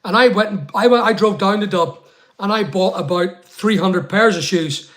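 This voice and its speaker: A Northern Irish man with a fairly high voice, hosting a casual livestream. He chats loosely and rambles, calling out viewers by name as he answers them. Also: moderate pace, fairly bright tone. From Northern Ireland. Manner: chatty and rambling, talks straight to viewers by name. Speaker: online seller hosting a live chat.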